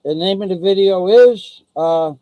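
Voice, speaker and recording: A man's voice: high voice, unhurried, mellow, no echo, rough recording. A man ranting angrily and profanely on his own live stream, taunting and threatening someone. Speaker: vlogger. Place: living in the Philippines.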